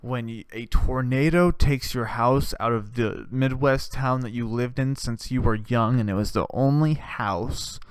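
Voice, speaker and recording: A man's voice: medium pitch, unhurried, few pauses, clear, resonant tone, dry recording. A young man hosting a comedy podcast, delivering a sarcastic, profane rant with mock-preaching bursts. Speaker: podcast host.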